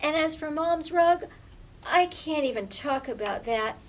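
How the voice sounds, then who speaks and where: A woman voicing a little girl who scolds her naughty pet in a high, loud, exclaiming voice. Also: expressive, a little slow. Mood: scolding.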